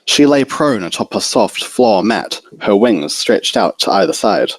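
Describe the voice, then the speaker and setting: A man with a fairly low voice reads a fan-written story aloud in a single unedited take. He stumbles over the odd word, restarts the phrase, and tosses in casual asides. The recording is dry and close, with no room sound. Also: animated, unhurried, no room sound, rough recording. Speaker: fanfiction reader.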